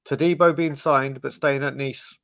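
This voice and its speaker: A man's voice: medium pitch, fairly even intonation, normal speed, creaky, a bit bright, dry recording. A man hosting a casual fan podcast, leading the questions and often repeating himself as he goes. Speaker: show host.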